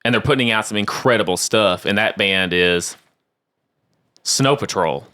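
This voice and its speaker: A man co-hosting a casual chat about bands, talking in an animated, chatty way with many fillers. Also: lowish voice, unhurried. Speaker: co-host.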